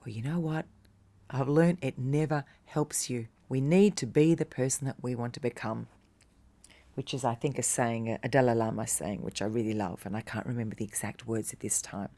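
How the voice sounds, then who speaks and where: Low-pitched woman meditation teacher, encouraging, talks right to you, goes soft and whispery sometimes. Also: normal speed. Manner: encouraging, speaks directly to the listener. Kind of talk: casual motivational talk.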